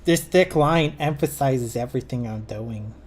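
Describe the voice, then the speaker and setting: A man's voice: medium pitch, normal speed, darkish tone. A man streaming as a cartoonist, chatting casually while he draws, joking and laughing often.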